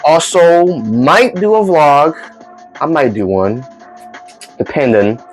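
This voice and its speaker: Man vlogger, storytime, lively swooping pitch, rambly, faint music under him. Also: slow pace. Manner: rambling, animated, acts out dialogue. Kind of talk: casual storytelling.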